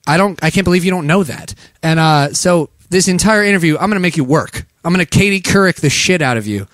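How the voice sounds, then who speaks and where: American man, co-host, joking, teasing, lively pitch, dry studio sound. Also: quick pace, dry recording. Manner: joking, teasing, laughs a lot. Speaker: podcast co-host. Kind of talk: casual comedic radio chat.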